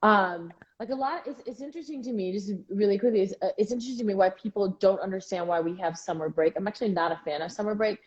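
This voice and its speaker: A woman co-hosting a casual chat, talking in quick asides with frequent restarts. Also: mid-range voice, muffled recording. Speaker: co-host.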